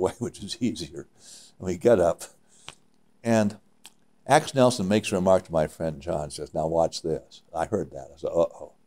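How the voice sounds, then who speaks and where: Older male climber, deep-voiced, spins lively anecdotes with stop-start phrasing. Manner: animated storyteller with halting restarts. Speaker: interviewee, mountaineer. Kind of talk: reminiscing interview.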